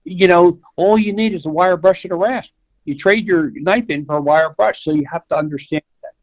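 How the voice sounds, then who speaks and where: This is an older man from the United States talking about his work in an easygoing, folksy way, slipping into other people's voices as he tells his stories. His voice sits a bit high for a man, and the recording is dry and close, with no room sound. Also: normal speed, no room sound, dull audio. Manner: folksy storyteller, acts out quoted voices. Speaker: veterinarian guest. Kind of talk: conversational interview.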